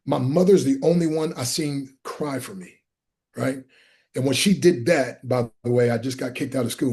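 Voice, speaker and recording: A middle-aged man telling personal stories in an interview, acting out the people in them and sometimes shouting. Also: mid-range voice. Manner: acts out voices in his stories, sometimes shouting. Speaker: guest speaker. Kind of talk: animated storytelling.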